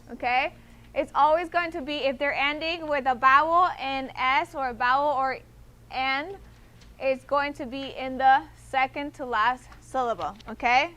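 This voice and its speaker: A woman with a high, sharp voice teaches a Spanish class, patiently explaining things step by step. She often checks in with her students by asking "okay?"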